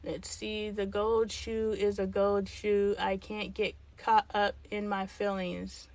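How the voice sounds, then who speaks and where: Her mid-range voice is darkish and level, and she speaks slowly with few pauses. She's a middle-aged woman hosting a livestream, reading viewers' comments casually and replying frankly as she thinks aloud.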